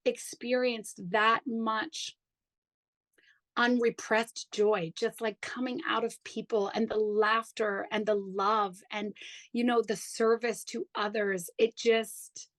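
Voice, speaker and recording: A woman's voice: fairly high pitch, little pitch movement, slow pace, fairly bright tone, dry recording, rough recording. A woman guest on a podcast telling a personal story in an enthusiastic, chatty way, often saying "like" and "you know".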